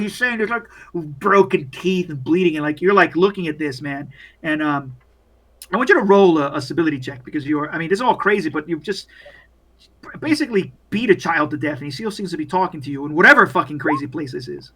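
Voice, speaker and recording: A man's voice: on the high side, expressive, a little fast, a bit bright. A young man narrating a horror tabletop game as game master, in a loose, profane, filler-heavy way.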